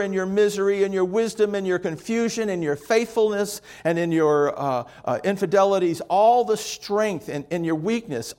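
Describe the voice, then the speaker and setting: A pastor preaching a sermon in a church sanctuary. His man's voice sits a touch higher than usual. He leans hard on key words, then lets each phrase drop away softly. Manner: slow, emphatic delivery with soft trailing phrases.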